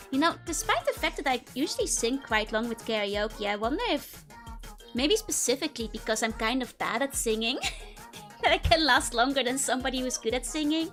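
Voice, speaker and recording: A woman streamer chats casually with her viewers, her squeaky, hamster-like voice sitting very high. She giggles often and keeps the talk light and rambling. Faint music plays underneath. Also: fairly bright tone. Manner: giggly, chatty. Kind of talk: casual live-stream chat.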